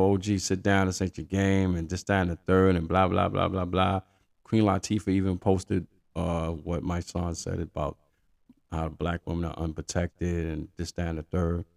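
A man's voice: deep voice, creaky, darkish tone. A middle-aged man hosting a podcast, giving blunt, profane opinions in casual street talk. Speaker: podcast host.

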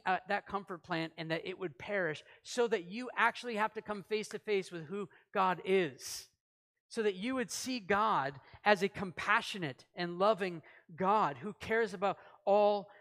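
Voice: mid-range voice, a bit bright. A pastor preaching a sermon in a church service, talking conversationally, asking the congregation questions and acting out short quoted lines.

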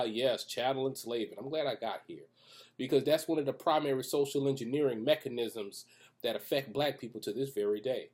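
A man's voice: medium pitch, a little mellow. A man, giving a loose preaching talk to camera, joking in asides and restarting his sentences. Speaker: Christian video commentator. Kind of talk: casual preaching monologue. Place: room with echoey acoustics.

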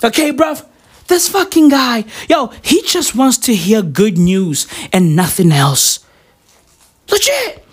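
A woman's voice: fairly high pitch, sing-song, slow pace, husky. A woman with a South African accent delivering a rambling, profane comic rant full of slang.

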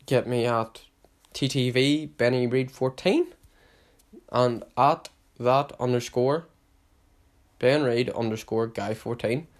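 Rambling young man. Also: medium pitch. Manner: rambling, heavy swearing, loud hype bursts. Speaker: podcast host. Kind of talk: casual solo podcast chat.

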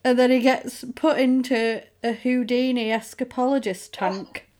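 A woman chatting casually, retelling a film plot and acting out the characters' lines. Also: fairly high pitch. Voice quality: animated storyteller, acts out characters' lines in quick voices. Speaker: podcast co-host recapping a film. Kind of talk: casual chat.

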